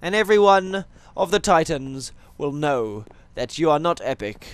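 Lively, rambling gamer man. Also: on the high side, moderate pace, clean tone, dry recording. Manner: rambling, jokey, goes off on tangents; talks to viewers and animals in game. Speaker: gaming channel host. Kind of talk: Minecraft let's play commentary.

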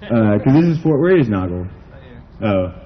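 Animated rambling stand-up comic man. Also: fairly low pitch, normal speed, highs cut off. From United States. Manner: rambling, self-deprecating, heavy use of "like". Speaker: stand-up comedian. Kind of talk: stand-up comedy set. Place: outdoor backyard show.

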